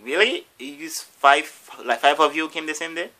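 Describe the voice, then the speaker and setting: A man's voice: a little high, unhurried, pitched above the performer's own voice. A man doing a quizzing immigration officer. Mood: questioning. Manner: questioning, quietly suspicious. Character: curious male airport immigration officer.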